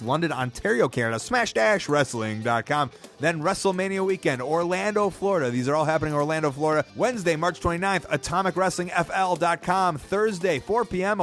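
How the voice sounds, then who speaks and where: A man with a fairly high, fairly bright voice hosts a podcast, sounding upbeat though a bit worn out from travel. In a casual outro, he rattles off dates and plugs.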